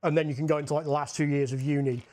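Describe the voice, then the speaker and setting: A man's voice: a little high, flat delivery, rapid-fire, darkish tone. A young man with a Scottish accent chatting casually and rambling while he paints on a livestream, swearing freely and saying "like" a lot.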